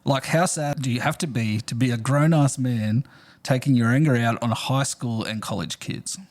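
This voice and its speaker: A man's voice: medium pitch, normal speed, a little mellow. A man co-hosting a casual podcast, reading a listener's story aloud and laughing often as he goes. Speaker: podcast co-host.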